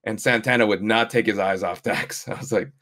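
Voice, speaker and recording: A man's voice: on the low side, steady tone, brisk, bright, forceful tone. A man co-hosting a casual wrestling recap podcast, talking eagerly and agreeing emphatically. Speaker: podcast co-host.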